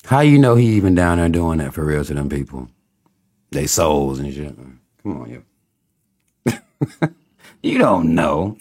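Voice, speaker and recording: A man's voice: rumbling low, sing-song, unhurried, long pauses, darkish tone, husky. A man hosting a casual livestream, talking to viewers and reading their comments, often breaking into laughter and teasing in a loose, rambling way.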